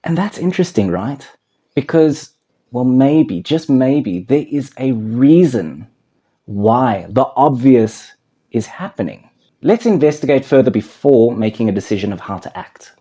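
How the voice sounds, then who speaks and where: A man's voice: mid-range voice, expressive, measured pace, warm tone, breathy edge. A man who works as an anger management counsellor, talking straight to the viewer and asking them questions while he tells a story. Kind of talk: direct-to-camera teaching talk.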